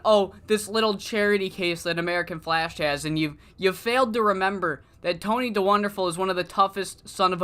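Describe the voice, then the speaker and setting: Man doing a brash, forceful wrestler; hurried, profane warning. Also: sits high, clear, resonant tone.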